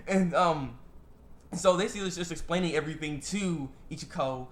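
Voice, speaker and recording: A man casually recapping an anime episode, rambling and excitable, full of fillers and restarts. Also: on the high side, normal speed. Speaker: anime reviewer.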